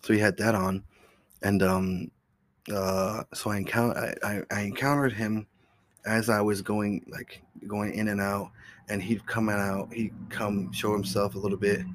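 A man's voice: on the low side, level tone, unhurried. A man hosting his own podcast, telling a story in a rambling, profane, casual way. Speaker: podcast host.

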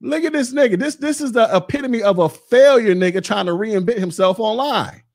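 A man's voice: sits high, lively intonation, a little fast, vocal fry, a little mellow. A man in his forties hosting a podcast, ranting bluntly with mocking, profane talk. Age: 40s. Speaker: podcast host. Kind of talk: casual rant.

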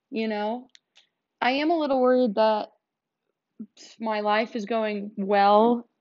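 A woman's voice: medium pitch, fairly even intonation, takes it slowly, darkish tone, muffled recording. A young woman hosting her solo podcast from her couch at home, rambling casually and joking at her own expense. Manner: rambling, self-deprecating, lots of "like" and "um". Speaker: podcast host.

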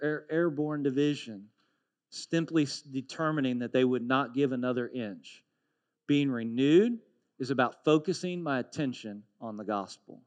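Earnest storytelling preacher man. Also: medium pitch. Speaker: pastor. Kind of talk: sermon.

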